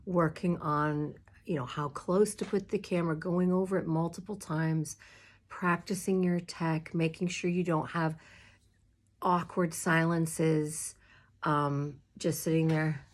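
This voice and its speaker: Low, slow-speaking woman minister. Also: fairly even intonation. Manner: warm, chatty, emotional, with many fillers and laughs. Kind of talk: casual advice talk to clergy. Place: home room with a squeaky chair.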